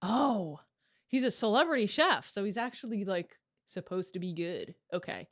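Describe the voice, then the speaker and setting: A young woman streamer chatting casually while reacting to a video, curious and quick to laugh. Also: mid-range voice, animated.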